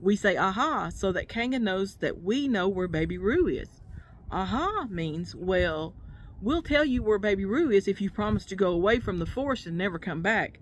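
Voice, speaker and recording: A woman voicing a fussy, bossy male rabbit in a storybook reading, in a plain, even reading voice. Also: medium pitch, moderate pace, highs cut off, a little hiss or hum, close to an everyday voice.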